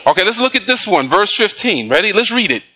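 Male pastor, sermon, bright, lively rising-and-falling delivery, call-and-response questions. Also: sits high. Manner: slow emphatic scripture reading.

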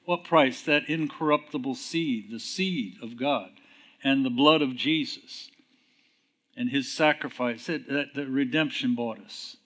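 A man preaching a sermon who puts questions to his listeners, answers them himself, and reads scripture verses slowly and with emphasis. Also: medium pitch, a bit bright.

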